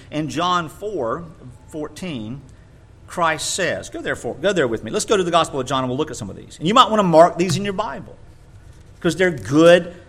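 A man preaching a sermon, reading scripture aloud and repeating words for emphasis, with big swings between loud and quiet. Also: fairly high pitch.

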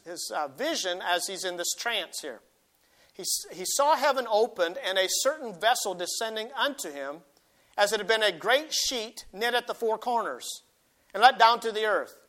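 A man delivering a sermon in a high, bright voice. He reads scripture aloud, then explains it with homey, self-deprecating asides, pushing hard on the key points. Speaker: pastor.

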